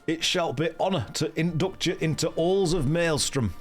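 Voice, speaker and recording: A man voicing a gruff, commanding male naval officer in a video game, his put-on accent drifting between dialects as he reads. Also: on the high side, moderate pace, faint music behind, voice pushed up, natural voice. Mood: formal, commanding.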